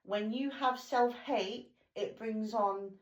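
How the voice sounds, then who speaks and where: A woman's voice: fairly high pitch, slow pace, highs cut off. A woman in her forties, chatting animatedly as a podcast host, telling stories in a casual, talkative way. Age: 40s. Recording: roomy echo.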